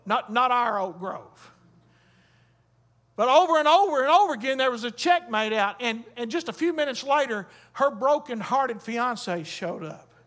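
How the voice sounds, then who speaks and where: A man's voice: extremely high pitch, animated, moderate pace, a bit bright. A man preaching a sermon as a Baptist pastor, emphatic and calling on the congregation to answer back. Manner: emphatic preaching with call-and-response.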